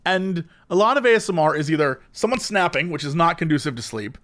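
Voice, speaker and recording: Lively high-voiced man telling stories. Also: brisk. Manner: animated storytelling with mimicked voices. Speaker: podcast co-host. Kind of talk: casual chat.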